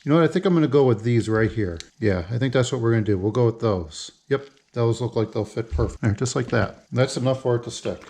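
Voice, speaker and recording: A man's voice: medium pitch, quick pace, hardly any pauses, darkish tone. A man narrating a casual how-to video, talking through each step as he works. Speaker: hobby lure painter.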